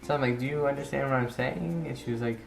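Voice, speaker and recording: A man's voice: mid-range voice, fast, vocal fry. Teen guy telling a story in a roomy echo. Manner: rambling, restarts, acts out quotes in his story. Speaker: vlogger. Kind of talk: casual storytelling to camera. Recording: roomy echo with faint guitar music.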